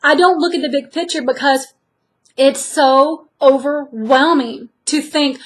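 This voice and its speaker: A woman's voice: sits high, unhurried. A woman talking candidly to the camera in an earnest, encouraging way. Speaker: vlogger sharing her weight loss journey. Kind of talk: candid direct-to-camera talk.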